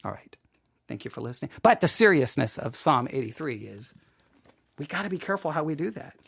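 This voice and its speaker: A man's voice: on the high side, sing-song, brisk, vocal fry, a bit bright, breathy edge, no echo. An American man hosting a Bible podcast, talking casually in a rambling, self-deprecating way with many restarts. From United States. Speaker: podcast host.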